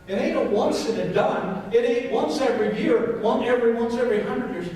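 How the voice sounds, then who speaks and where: A man's voice: very high-pitched, brisk, hardly any pauses, a little mellow, slight background noise. A man, a pastor, preaching a sermon with emphatic repetition and questions to the congregation. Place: church sanctuary. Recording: echoey church hall, mic from a distance.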